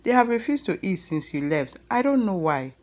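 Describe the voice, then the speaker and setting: A woman's voice: medium pitch, very animated, moderate pace, pitched above the performer's own voice, natural voice. A woman with a Nigerian accent voicing a scheming, cruel young mother who hisses and scolds, then turns falsely sweet, in a storybook tale. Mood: fake sweet. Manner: switches from scolding to syrupy sweet.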